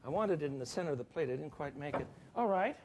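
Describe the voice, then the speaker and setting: A man hosts a cooking show from a studio kitchen, talking the audience through a dish. His voice sits a little high and swings widely in pitch, chatty and enthusiastic, with jokey asides. Faint background noise is present. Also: lively intonation, fast talker. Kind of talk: cooking demonstration.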